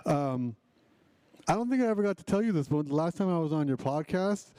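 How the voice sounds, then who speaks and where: A man's voice: a little high, lively intonation, brisk, warm tone, smooth, no room sound. A man hosting a live online event in a casual, upbeat, chatty way, often restarting his sentences.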